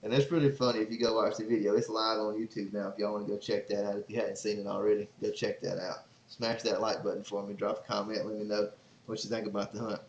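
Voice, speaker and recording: Excitable man, roomy sound. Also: lowish voice, fast. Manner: excitable, rambling storyteller. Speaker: podcast host and father. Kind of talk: casual podcast storytelling. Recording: roomy, slightly dull sound.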